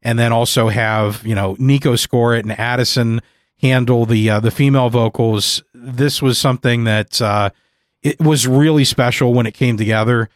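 A man's voice: mid-range voice, fairly even intonation, moderate pace, dry recording. Podcast host guy rambling earnestly, lots of ums, dry close studio sound. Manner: earnest, rambling, with many fillers. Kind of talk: casual chat. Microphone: studio mic.

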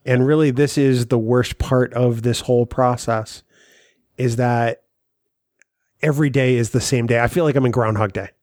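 A man's voice: medium pitch, steady tone, normal speed, a little mellow, no echo. A man hosting a podcast, reading the outro and teasing his co-host in a dry way. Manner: dry, teasing, some hesitant fillers. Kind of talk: casual podcast banter and show outro.

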